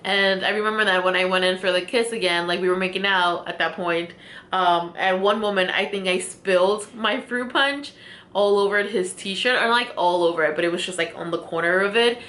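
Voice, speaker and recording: A woman's voice: medium pitch, moderate pace, bright, forceful tone. A young woman vlogger telling a story casually while doing her makeup, laughing often and using many fillers. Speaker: beauty vlogger. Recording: echoey room.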